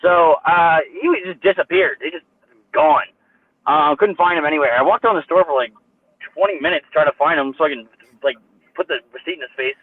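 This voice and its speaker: A man's voice: a little high, a little fast, no echo. A young man telling a long, profane, rambling story in casual chat, full of fillers. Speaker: co-host. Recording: tinny phone-like line, dry.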